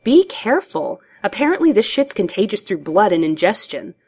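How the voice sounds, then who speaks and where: A woman voicing a panicked young male police officer, urgent and shouting under fire. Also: medium pitch, sing-song, moderate pace, husky, pitched above the performer's own voice.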